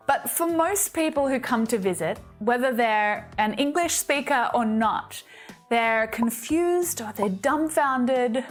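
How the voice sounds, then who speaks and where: A woman with an Australian accent, giving an upbeat, scripted English lesson and explaining things clearly. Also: on the high side. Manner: upbeat and explanatory, with light laughs. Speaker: English teacher.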